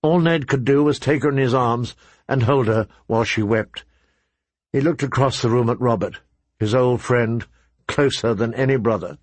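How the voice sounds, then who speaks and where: A man narrating an audiobook in a measured, dramatic storytelling manner. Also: medium pitch, dry recording. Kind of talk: scripted narration.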